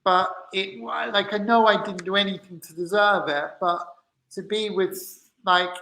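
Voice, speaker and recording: A man's voice: high-pitched, steady tone, measured pace, vocal fry, pushed and bright. Hesitant man in an echoey room. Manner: hesitant, restarts often, recounts dialogue. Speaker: co-host. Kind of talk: candid personal conversation.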